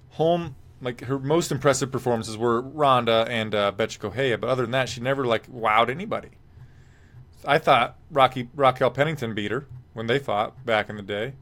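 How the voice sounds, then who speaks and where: A man hosting a live MMA podcast, speaking in a loose, rambling way. He reads viewer comments out and gives blunt, offhand opinions. His voice sits at an ordinary middle pitch. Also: a bit bright. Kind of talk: casual live-stream fight talk.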